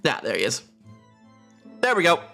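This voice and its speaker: A man's voice: fairly high pitch, huge pitch swings, moderate pace, gravelly, bright, forceful tone, faint music behind. Giggly, playful man streaming. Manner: giggly, playful, keeps breaking into laughter. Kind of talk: casual live-stream chat. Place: home room. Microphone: close desk mic.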